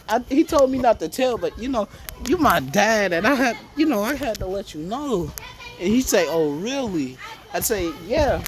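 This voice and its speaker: A man's voice: sits high, animated, moderate pace. Rambling joking man telling a story. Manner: rambling, joking, acts out dialogue with stammers. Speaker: storyteller improvising a scenario. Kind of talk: casual improvised storytelling.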